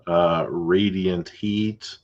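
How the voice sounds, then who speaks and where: A deep-voiced, husky man hosts a podcast in an easygoing, chatty way, drifting into asides as he talks. The sound is muffled and lo-fi. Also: extremely slow. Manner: relaxed, chatty, with fillers and asides. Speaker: podcast host, realtor. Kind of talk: casual chat.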